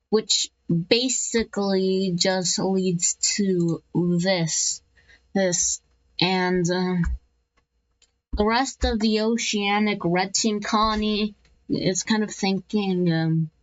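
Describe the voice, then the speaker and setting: Slow, rambling woman narrating a map. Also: mid-range voice, dull audio. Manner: rambling, self-correcting, slips into playful voiced asides. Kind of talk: casual narration over an animated map.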